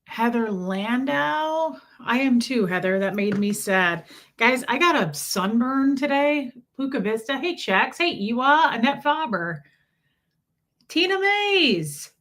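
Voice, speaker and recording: A woman's voice: high-pitched, animated, slow. A young adult woman hosting a casual livestream from home, chatty and friendly as she greets viewers by name. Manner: chatty, warm greetings, frequent laughs. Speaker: livestream host. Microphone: streaming setup mic.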